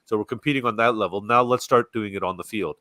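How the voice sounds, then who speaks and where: A man's voice: fairly low pitch, bright, forceful tone, no room sound, clean studio sound. Chatty Canadian man on a video call. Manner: earnest, rambling, quick to laugh. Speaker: co-host. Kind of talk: casual fan-show chat. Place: home near Toronto. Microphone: video call mic.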